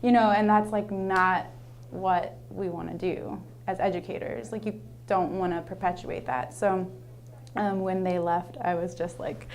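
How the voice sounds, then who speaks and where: A young woman talks about her work as a teacher in a loose, rambling way, with "like" in nearly every sentence. She sounds earnest and searching, and her voice sits at an ordinary middle pitch. A faint hum runs under the recording. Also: fairly even intonation, normal speed, darkish tone. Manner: rambling, heavy use of "like", earnest. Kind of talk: casual personal storytelling.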